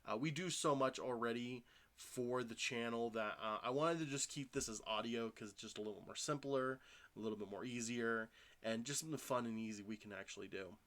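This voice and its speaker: A man's voice: medium pitch, brisk, fairly bright tone. A man in his thirties hosting a casual solo podcast from home, tired from little sleep and talking in a loose, rambling way full of fillers and restarts. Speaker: podcast host. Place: home room.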